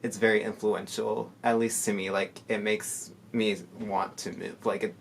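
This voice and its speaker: A soft-spoken man in casual reaction commentary, rambling with many fillers and sounding tired. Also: lowish voice, level tone, unhurried, creaky, hardly any pauses, a little hiss or hum. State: tired from lack of sleep. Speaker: musician reacting to music. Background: faint music playing.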